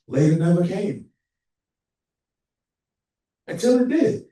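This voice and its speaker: A man shares memories of a late friend at a memorial gathering, bringing their conversations to life with animated back-and-forth. His voice is warm-toned and a little high for a man. It comes from some distance away and rings around a large, echoing hall. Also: a little slow, long pauses. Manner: animated, acts out phone calls, laughs often. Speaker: memorial speaker, friend and co-author. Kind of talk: storytelling tribute speech. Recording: echoey hall heard from afar.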